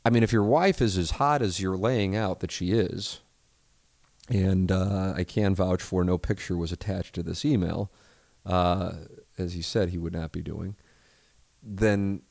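Deep-voiced man rambling casually. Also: unhurried, vocal fry, no room sound. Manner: profane, loose, full of restarts and hedging asides. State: married. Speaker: podcast host answering listener email.

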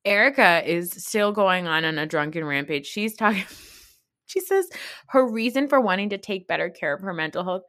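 A woman hosts a podcast in studio-quality sound with no echo, her mid-range voice lively, a bit bright and at normal speed. She offers chatty, snarky commentary on a reality show, swearing freely and laughing often.

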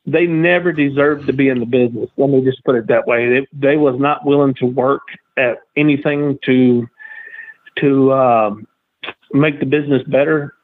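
A man, a guest telling stories in a drawling, animated way. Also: medium pitch, dry recording. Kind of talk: casual storytelling. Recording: tinny phone line, dry.

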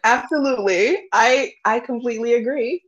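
A woman guest on a podcast, chatting casually about spiritual readings in an animated way, swearing freely and laughing often. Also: fairly high pitch, moderate pace, lo-fi sound. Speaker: podcast guest, intuitive reader.

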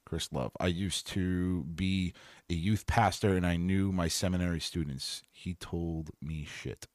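A man's voice: deep voice, steady tone, measured pace, dry recording. A middle-aged man hosting a podcast alone, fired up and sarcastic, swearing as he reads out listener comments. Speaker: podcast host. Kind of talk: solo podcast rant reading live comments.

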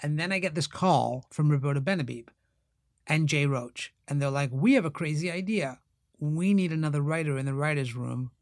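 Animated man telling stories. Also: a little high, brisk, gravelly, dry recording, studio quality. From India. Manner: animated, acts out quoted voices. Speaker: actor and writer, guest. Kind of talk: casual interview storytelling.

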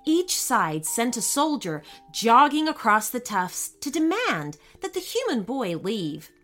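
Slow, expressive woman storyteller. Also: fairly high pitch. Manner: expressive, unhurried. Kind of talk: children's story narration. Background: faint music.

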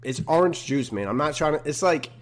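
A man's voice: on the high side, animated, fairly quick. A young man hosting a casual solo podcast, talking in a laid-back, slangy way. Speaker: podcast host.

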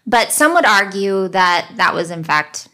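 A woman's voice: medium pitch, big pitch swings, a little slow, sharp tone. Chatty woman podcast host. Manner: chatty, digresses, laughs easily. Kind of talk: casual true-crime podcast chat.

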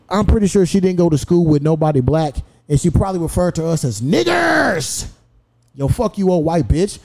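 A man's voice: high-pitched, dark tone. A young adult man hosting a podcast, telling a story in a profane, heated way with laughs. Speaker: podcast host. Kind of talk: casual storytelling chat.

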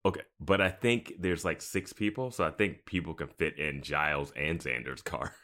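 A man co-hosting a casual podcast with a very deep, low voice. He talks loosely about a TV episode and laughs a lot. He keeps quoting the characters in a raised, mock voice. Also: moderate pace, bright, forceful tone. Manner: chatty, laughs often, quotes characters in a raised voice. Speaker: podcast co-host. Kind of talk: casual chat recapping a TV episode.

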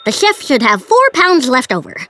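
A woman's voice: high-pitched, huge pitch swings, moderate pace, fairly bright tone, slight background noise, heavily acted. An actress playing a genius girl hosting a call-in podcast, precise and formal. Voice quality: precise, formal, know-it-all. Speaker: podcast host.

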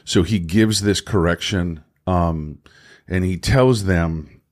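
A man co-hosting a faith podcast, talking slowly and haltingly, restarting his sentences as he works through his thoughts. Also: deep voice. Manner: halting, restarts often, thinking aloud. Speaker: podcast co-host. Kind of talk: casual faith discussion.

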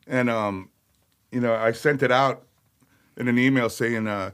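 A middle-aged man, a metal singer telling stories as a podcast guest, animated, laughing and swearing freely. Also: mid-range voice, measured pace. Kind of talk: casual storytelling chat. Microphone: podcast studio mic.

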